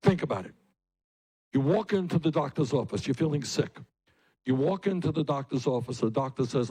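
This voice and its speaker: A man running for office gives a campaign rally speech, repeating his points with emphasis and building them up to forceful peaks. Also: mid-range voice, animated, fairly quick, husky, rough recording. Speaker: political candidate. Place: public rally.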